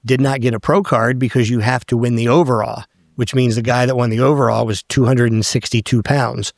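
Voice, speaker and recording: A man's voice: mid-range voice, brisk, vocal fry, no room sound. Middle-aged man telling stories, dry sound. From Northern Virginia, USA. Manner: animated storyteller who acts out quoted people, swears casually. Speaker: podcast guest. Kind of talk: casual storytelling conversation.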